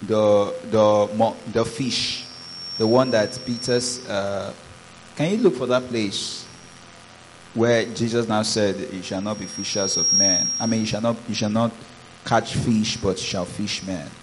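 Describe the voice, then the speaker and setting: Against background noise, a man with a lowish voice delivers a sermon as pastor at a slightly slow pace. He reads passages of scripture aloud and shouts praises, his exclamations building as he preaches.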